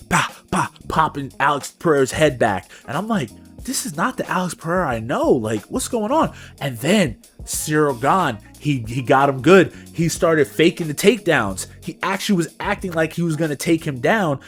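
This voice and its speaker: A young man co-hosting a podcast, recapping fights in casual, slangy chat and adding his own punch sound effects. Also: mid-range voice. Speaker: podcast co-host.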